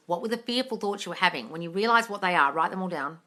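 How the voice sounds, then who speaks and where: A woman's voice: on the low side, animated, very fast, hardly any pauses, pushed and bright. A woman answering chat questions on a live stream, blunt and sweary, calling her viewers darling. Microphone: phone on a live stream.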